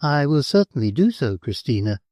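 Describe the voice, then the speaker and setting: A man's voice: medium pitch, sing-song, normal speed, a little mellow, dry recording, clean studio sound, close to an everyday voice. A man voicing a timid young English heiress who speaks politely and earnestly.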